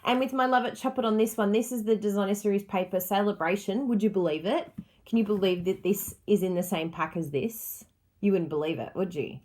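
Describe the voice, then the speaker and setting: A woman's voice: mid-range voice, a little fast, a little mellow. A woman hosting a crafting livestream, chatting casually and gushing with enthusiasm over her supplies.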